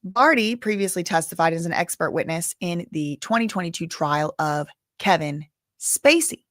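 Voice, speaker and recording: A woman's voice: on the low side, normal speed, fairly bright tone, dry recording, clean studio sound. Chatty woman reading live updates. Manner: chatty, reads updates aloud with asides and sighs. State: tired, yawning. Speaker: live trial commentator. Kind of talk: casual live-stream commentary.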